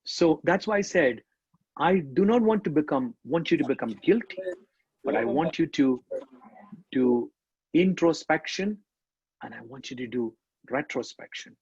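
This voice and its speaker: A man's voice: fairly high pitch, animated, unhurried, pauses often, a little mellow, breathy edge, dry recording, highs cut off. A man speaking to parents in a church talk, emphatic, repeating and stressing his key words.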